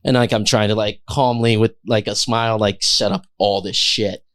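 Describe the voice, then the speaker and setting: A man, a chef who is a guest on a podcast, telling animated stories in casual chat and acting out the voices of the people in them. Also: fairly low pitch, normal speed. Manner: animated, acts out quoted voices.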